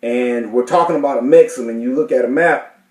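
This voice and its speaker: A man's voice: medium pitch, brisk, a little mellow, roomy sound, poor audio. A man teaching a class, reading out dictionary definitions and explaining them with many fillers and restarts. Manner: hesitant, many fillers and self-corrections.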